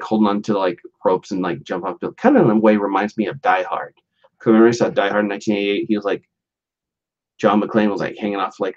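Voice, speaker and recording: A man with a fairly low voice talks through a casual solo podcast. He rambles loosely, packing in fillers and false starts and chuckling along the way. The recording is dull and lo-fi. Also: a little mellow. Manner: rambling, lots of "like" and restarts, chuckles often. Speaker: podcast host.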